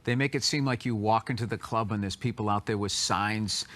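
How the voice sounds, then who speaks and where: A man's voice: fairly low pitch, fairly quick, fairly bright tone. A comedian answering in an interview, blunt and dismissive, often restarting his sentences. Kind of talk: casual interview talk.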